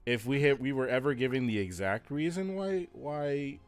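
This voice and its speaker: A man's voice: medium pitch, animated, normal speed, smooth. A man playing a tabletop role-playing game, playful and stumbling over restarts. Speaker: player.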